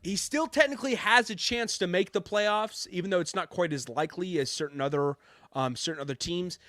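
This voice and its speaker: Chatty male co-host, high bright voice, dry close sound. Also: a little fast, dry recording. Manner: chatty, laughing analysis. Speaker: podcast co-host. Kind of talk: casual sports podcast banter.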